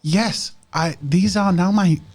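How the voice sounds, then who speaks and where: A man doing a gentle tired young girl. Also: high-pitched, slow pace, pitched above the performer's own voice. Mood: earnest. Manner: soft, sincere, formal phrasing.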